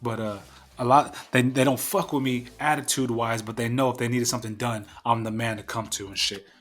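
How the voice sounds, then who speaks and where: A man's voice: mid-range voice, steady tone, fairly quick, fairly bright tone, soft background music. A young man hosting his own podcast, talking in a blunt, profane, fired-up rant. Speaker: podcast host. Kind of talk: casual solo podcast rant.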